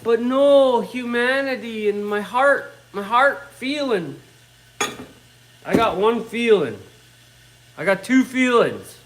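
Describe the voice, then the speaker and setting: A man's voice: very high-pitched, expressive, slow pace, pauses often, slight background noise, poor audio. A middle-aged man in his own workshop, ranting bluntly and swearing constantly in casual talk. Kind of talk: casual rant.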